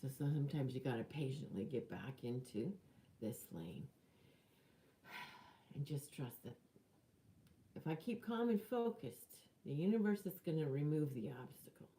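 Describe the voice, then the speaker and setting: A woman's voice: low-pitched, animated, measured pace, long pauses, warm tone. A woman giving a chatty, earnest motivational talk to camera, with laughs and dramatic whispered lines. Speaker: spiritual life coach.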